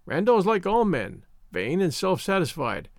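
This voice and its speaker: A man's voice: high-pitched, big pitch swings, a little slow, no echo, clean studio sound, heavily acted. A man reading Avery, a proud, teasing young woman. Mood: frank. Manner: frank, teasing, worldly. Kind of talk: audiobook reading.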